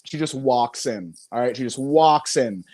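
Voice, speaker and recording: A man's voice: mid-range voice, lively intonation, measured pace, darkish tone. A young man doing a self-mocking stand-up set, chuckling between jokes. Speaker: comedian and show host.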